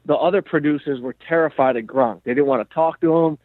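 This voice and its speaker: A male comedian chatting on his podcast, rambling and animated, his voice sitting a bit high. The sound is dry and tinny, as though coming through a phone line. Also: brisk, dry recording. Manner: rambling, animated, heavy use of "like". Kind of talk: casual storytelling chat.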